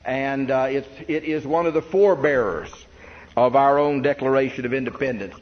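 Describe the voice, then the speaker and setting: A man delivers an emphatic sermon, building to stressed points and asking the room questions. His voice sits at an ordinary middle pitch. The recording is dull and lo-fi, with a long hall reverb and a faint hiss underneath. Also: moderate pace. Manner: earnest, emphatic, with rhetorical questions. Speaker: preacher. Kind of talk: sermon lecture on church history.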